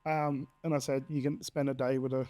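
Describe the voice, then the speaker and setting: Fairly quick and level in tone, a mellow mid-range voice belongs to an Australian man in his thirties. As a podcast guest, he recounts his personal story with blunt candor, free swearing, and acted-out quotes.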